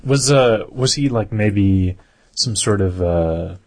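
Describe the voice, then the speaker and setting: A man's voice: lowish voice, slow pace. A man chatting casually about an old film, joking and bantering loosely.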